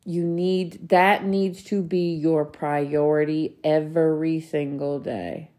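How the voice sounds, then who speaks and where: A woman's voice: low voice, steady tone, slow, darkish tone. Woman in her 30s doing a solo podcast, earnest and emphatic, says the same thing twice, swears a bit. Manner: earnest, emphatic, repeats key phrases, swears casually. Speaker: podcast host. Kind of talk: motivational solo podcast talk.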